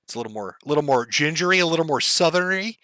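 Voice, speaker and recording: Minnesota guy rambling on his stream, swears a lot, high bright voice, dry sound. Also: expressive, rapid-fire, dry recording. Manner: profane, rambling, chuckling. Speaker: livestream host. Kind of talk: casual livestream chat.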